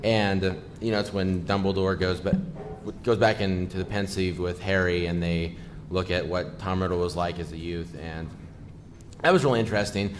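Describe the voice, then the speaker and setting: A man casually recounts an event, tired and a little hesitant. His voice sits slightly low. Faint noise is heard behind him. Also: fairly even intonation, normal speed. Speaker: podcast guest. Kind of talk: casual recap.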